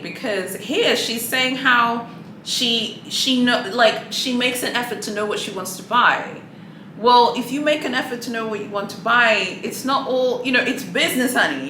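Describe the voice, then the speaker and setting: A woman's voice: a little high, bright, forceful tone, echoey room, a little hiss or hum, low-quality recording. A woman vlogger giving sassy, chatty commentary and calling people "honey" and "boo-boo". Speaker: luxury handbag vlogger. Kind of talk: casual opinionated commentary.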